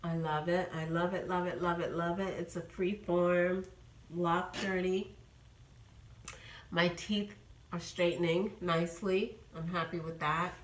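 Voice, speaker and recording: A woman's voice: fairly low pitch, level tone, unhurried, echoey room, a little hiss or hum, rough recording. A woman in her fifties from New York, chatting casually in a rambling vlog update with many ums. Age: 50s. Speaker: vlogger.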